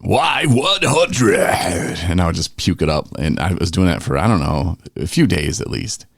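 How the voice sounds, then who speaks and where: A man's voice: sits low, brisk, gravelly, a little mellow, no echo, studio quality. A man hosting a podcast, telling stories in a laid-back, chuckling way and acting out quotes. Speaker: podcast host. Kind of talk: casual podcast storytelling.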